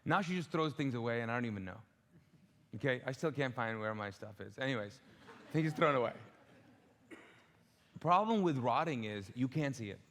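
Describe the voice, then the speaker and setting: A man preaching a sermon as a pastor, animated and humorous, asking the congregation to call out answers. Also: mid-range voice, moderate pace, pauses often. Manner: tells humorous stories with acted-out quotes. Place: church auditorium. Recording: long hall reverb.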